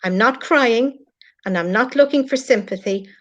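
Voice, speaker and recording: A woman's voice: fairly high pitch, normal speed, a bit bright. A middle-aged woman with an Irish accent, speaking earnestly and from the heart as a guest on a live stream. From Ireland. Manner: earnest, heartfelt, addresses critics directly. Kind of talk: emotional live-stream chat. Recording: lo-fi online stream audio.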